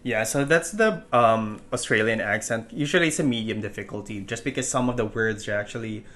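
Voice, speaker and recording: A man's voice: lowish voice, a little fast, a bit bright. A man with a Filipino English accent, teaching an online course in a chatty, loose way with many fillers and restarts. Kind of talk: casual tutorial explanation.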